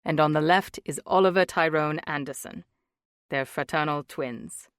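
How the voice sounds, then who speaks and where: A woman's voice: low voice, moderate pace, no room sound, clean studio sound, pitched below the performer's own voice, natural voice. A woman voicing a tender, earnest young husband and father in an audiobook.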